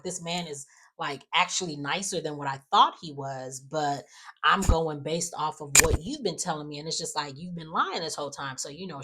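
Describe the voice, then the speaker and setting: A woman's voice: deep voice, fairly bright tone, breathy edge. A woman casually recapping soap opera episodes, rambling with lots of "like" and "you know" and acting out the characters' lines as she goes. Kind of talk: casual chat.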